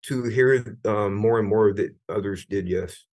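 A man's voice: fairly low pitch, measured pace, a little mellow. Earnest middle-aged man recounting his story. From United States. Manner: earnest, grows emphatic, many restarts. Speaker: guest, retired Navy senior chief. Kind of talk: candid personal storytelling.

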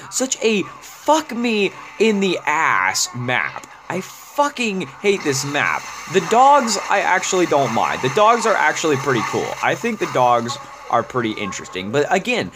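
A man's voice: bright, forceful tone, slight background noise. Exasperated man ranting over gameplay. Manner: exasperated, profane ranting, swinging pitch up and down. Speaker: gaming YouTuber. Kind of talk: gameplay commentary rant.

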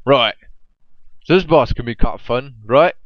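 A young man casually commentating his own game, rambling and joking, sometimes slipping into brief squeaky silly voices. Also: normal speed, dry recording, muffled recording.

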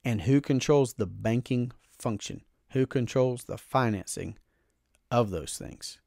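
A man's voice: mid-range voice, measured pace, creaky, darkish tone, dry recording, clean studio sound. Emphatic man explaining finance. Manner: earnest, emphatic, often repeats phrases. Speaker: podcast host.

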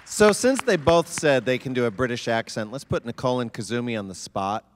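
A man's voice: medium pitch, animated, brisk, a crowd in the background, background noise. A man moderating a convention panel, teasing the guests and putting them on the spot. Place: large convention hall.

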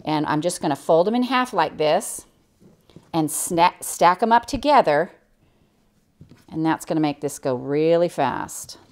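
An older woman with a somewhat low voice talks her way through a quilting demonstration, chatty and cheerful. Her tone stays easy and enthusiastic as she explains each step. A sewing machine runs in the background. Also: a little mellow. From United States. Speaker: quilting instructor.

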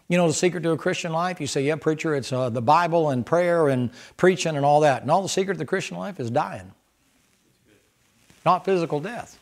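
Impassioned preacher man. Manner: impassioned preaching, rising to high shouted stretches when reading and quoting. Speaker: pastor. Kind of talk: sermon.

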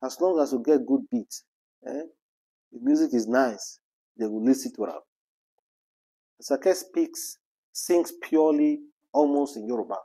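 A man's voice: mid-range voice, a little slow, long pauses, mellow. A man with a Nigerian accent giving casual commentary on celebrity news. He speaks with passion, repeats rhetorical questions and slips into Pidgin.

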